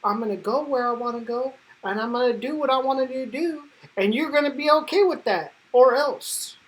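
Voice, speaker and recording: Een vrouw die doet als een opschepperige, branieachtige mannelijke superheldleider. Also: female voice, on the high side, measured pace, close to an everyday voice, poor audio. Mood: cocky. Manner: swaggering, slangy, speeds up. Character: brash cocky male superhero leader.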